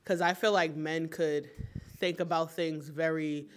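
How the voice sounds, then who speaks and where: A woman's voice: deep voice, fairly even intonation, a little slow, a little hiss or hum. Frank woman sharing advice. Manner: reflective, conversational, frank. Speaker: group participant. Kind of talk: casual group discussion.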